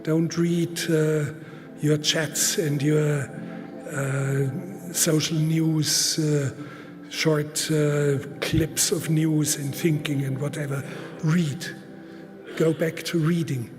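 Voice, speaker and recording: Man giving a conference talk, slow and emphatic, lots of pauses, long hall echo. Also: on the high side, flat delivery, over music. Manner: deliberate and emphatic, many halting pauses. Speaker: conference speaker. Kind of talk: public lecture. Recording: reverberant hall.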